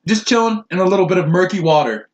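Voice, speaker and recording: A man's voice: sits high, animated, quick pace, dull audio. A man co-hosting a crude comedy podcast, ranting with lots of swearing. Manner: profane, ranting, slips into silly animal voices. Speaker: podcast co-host.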